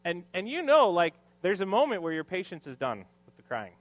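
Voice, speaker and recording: Male pastor in his 30s, sermon with self-deprecating humor, lively pitch, slightly high voice. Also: a little fast, muffled recording. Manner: joking, self-deprecating asides to the congregation. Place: church hall with congregation.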